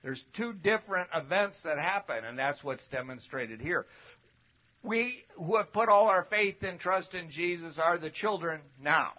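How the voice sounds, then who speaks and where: A man preaching a sermon in a conversational way, asking rhetorical questions and swinging from loud emphatic bursts to quiet asides. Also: fairly high pitch, animated, measured pace. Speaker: preacher teaching a Bible lesson. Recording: dull lo-fi recording.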